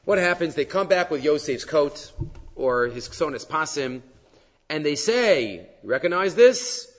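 Guy giving a torah class, kinda high voice, dull echoey hall sound. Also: measured pace. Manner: animated, questioning, sprinkled with Hebrew terms. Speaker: Torah teacher. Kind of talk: weekly Torah portion class. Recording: dull audio with long hall reverb.

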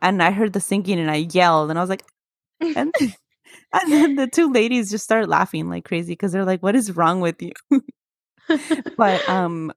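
Lively woman telling spooky stories. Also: mid-range voice, no room sound, clean studio sound. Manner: animated, laughs often, acts out quoted voices. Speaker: podcast co-host. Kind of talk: casual chat, storytelling.

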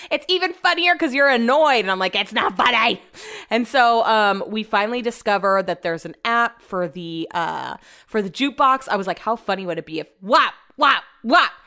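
A woman's voice: medium pitch, clear, resonant tone. A young woman casually telling a long story, chatty and profane, acting out what people said. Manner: chatty, profane, animated retelling. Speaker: vlogger.

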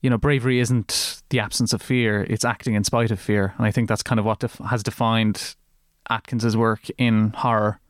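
A man's voice: on the low side, level tone, normal speed, hardly any pauses, dry recording, studio quality. A man co-hosting a podcast, talking casually about films in a rambling way with many restarts. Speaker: podcast co-host. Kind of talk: casual film discussion.

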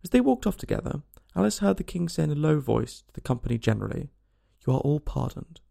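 A man reads a storybook aloud with a strong gravelly rasp in his voice. His pitch moves widely and expressively through the narration, animated and full of life. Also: fast. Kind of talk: storybook reading.

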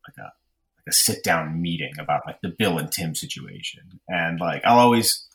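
A man's voice: low voice, animated, normal speed, fairly bright tone. A young man telling a long personal story in a casual chat, rambling with lots of fillers and restarts. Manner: rambling, self-deprecating, frequent fillers and restarts. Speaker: podcast storyteller.

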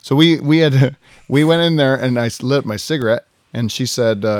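A man's voice: mid-range voice, steady tone, moderate pace, no room sound. Guy podcast host rambling and laughing thru a story, swears a lot, dry sound. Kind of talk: casual storytelling chat.

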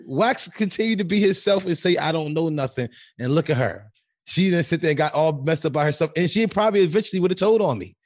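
A man's voice: fairly high pitch, lively intonation, quick pace, no echo, clean studio sound. A man hosting a podcast, telling stories in casual chat, profane and often laughing. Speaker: podcast host.

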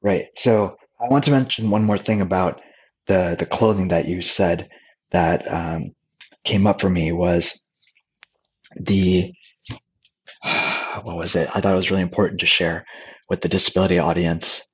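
Brief: low, husky male guest, candid and loose, slightly dull lo-fi recording. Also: unhurried, pauses often. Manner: relaxed, candid, many fillers and restarts. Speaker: podcast guest. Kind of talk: casual conversational storytelling.

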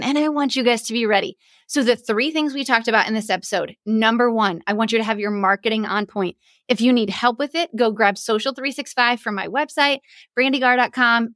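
A woman hosting a wedding business podcast, talking with excited, fast energy. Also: on the high side, dry recording, clean studio sound.

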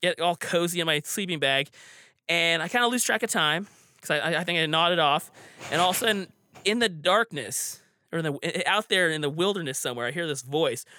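A man's voice: a little high, fairly quick, pushed and bright, no echo, clean studio sound. A man telling a personal story casually, rambling with frequent restarts and fillers. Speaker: storyteller guest.

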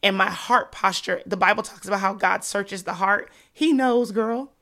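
A woman's voice: mid-range voice, normal speed, a bit bright. A woman with a congested nose from allergies, hosting a faith podcast in a chatty style and talking to listeners like close friends. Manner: chatty, addresses listeners as sis and y'all. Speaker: podcast host. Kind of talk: casual faith talk.

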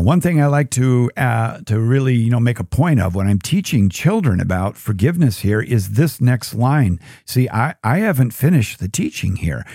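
A man teaching scripture, retelling a parable with animated storytelling and frequent rhetorical questions to his listeners. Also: medium pitch, no echo, studio quality. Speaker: Bible teacher.

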